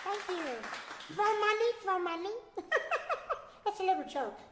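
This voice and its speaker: A man voicing a cheery, cheeky little red monster child in a squeaky, childlike falsetto. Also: very animated, slow pace, echoey room, heavily acted. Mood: chirpy. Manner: chirpy, playful, jokey. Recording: noisy studio with loud crowd.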